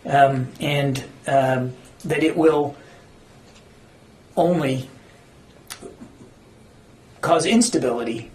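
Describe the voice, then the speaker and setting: In an echoey briefing room, a government spokesman answers questions from reporters, earnest and emphatic though now and then groping for words. His voice is medium in pitch and darkish, and he talks very slowly with long pauses.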